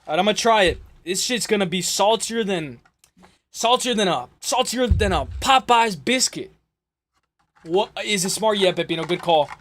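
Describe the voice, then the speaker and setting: Congested high-voiced man chatting on a livestream. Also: normal speed, fairly bright tone. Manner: rambling, profane, jokey, reads chat aloud. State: congested, clearing throat. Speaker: livestream host. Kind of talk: casual livestream chat.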